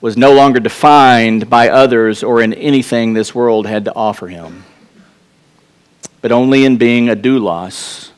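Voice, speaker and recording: A man's voice: medium pitch, clean tone. A male pastor with a Texas accent delivers a sermon in a church. His mid-range voice is earnest and conversational. He often restarts his phrases and turns aside to speak directly to the congregation.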